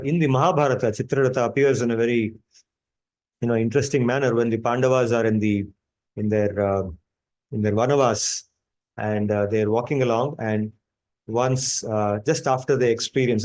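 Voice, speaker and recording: A man's voice: mid-range voice, darkish tone. A man teaching scripture to a class, explaining and retelling stories with frequent restarts. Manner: storytelling, explanatory, with many restarts.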